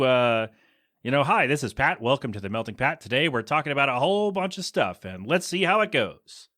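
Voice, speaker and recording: Man, podcast host, casual solo chat, rambling, blunt opinions, medium pitch. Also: fairly bright tone, dry recording, studio quality. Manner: rambling, restarts often, frank opinions.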